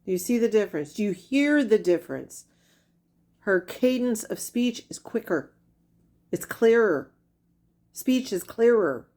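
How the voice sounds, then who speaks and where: A woman's voice: mid-range voice, lively intonation, unhurried, pauses often, a little mellow. A woman giving critical commentary over clips, blunt and accusing, with pointed repeated questions. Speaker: commentary creator.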